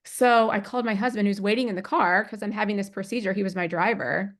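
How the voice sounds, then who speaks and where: A woman in her forties, a podcast guest, telling a personal story in a lively, unfiltered way, acting out what people said. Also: medium pitch, quick pace. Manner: animated, acts out quoted dialogue, swears freely.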